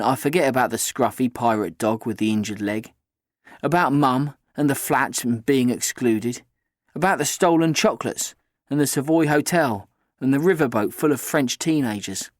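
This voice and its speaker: Male narrator, mid pitch, dry close reading, steady storytelling. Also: dry recording. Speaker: audiobook narrator. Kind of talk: scripted first-person narration.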